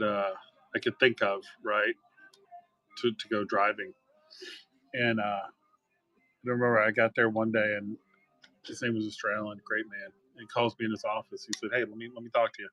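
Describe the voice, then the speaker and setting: A man's voice: fairly low pitch, sharp tone, no room sound. A middle-aged man hosting a live card-break stream, chatting casually and rambling through stories. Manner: rambling, chatty storyteller with fillers.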